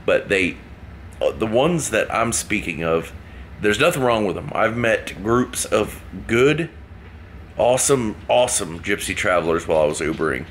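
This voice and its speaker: A man's voice: fairly low pitch, lively intonation, normal speed, fairly bright tone, slight background noise. Laid-back man telling a story. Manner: rambling, joking, laughs at himself. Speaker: vlogger. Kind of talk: casual storytelling.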